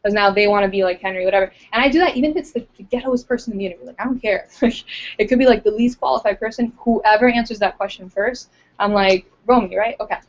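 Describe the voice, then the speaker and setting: A woman's voice: mid-range voice, fast. A woman recruiter coaching a small group in a casual, chatty way, full of fillers, acting out interview lines as she goes. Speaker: recruiter giving training. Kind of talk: casual training talk to a group. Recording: dull lo-fi recording.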